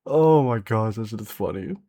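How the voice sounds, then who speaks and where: A streamer reacting to a video chats in a laid-back way with his viewers, addressing chat directly and swearing freely. His voice is on the low side, expressive, and dark in tone, at a moderate pace.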